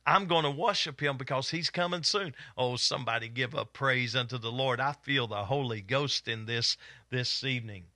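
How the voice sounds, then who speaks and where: A middle-aged man with an Eastern Kentucky Appalachian accent, preaching a fervent Bible study and hollering with excitement as he teaches. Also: mid-range voice, normal speed, dry recording, clean studio sound. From East Kentucky.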